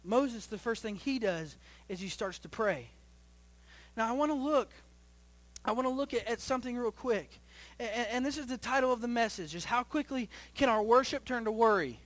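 High-voiced young man preaching a sermon. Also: normal speed. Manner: preaches in rising bursts, then drops low and quiet; repeats phrases and restarts often. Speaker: pastor.

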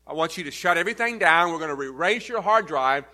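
A pastor delivering an earnest sermon, teaching step by step and leaning hard on key words. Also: male voice, fairly high pitch, animated, fast talker, sharp tone. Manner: earnest, emphatic teaching with repeated stresses. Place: church.

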